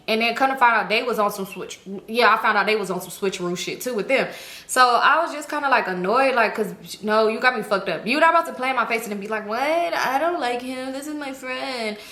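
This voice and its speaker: A woman telling a personal story in a casual vlog, animated and full of profanity. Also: medium pitch, fast. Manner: heavy cursing, animated retelling. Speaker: storytime vlogger. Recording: roomy echo.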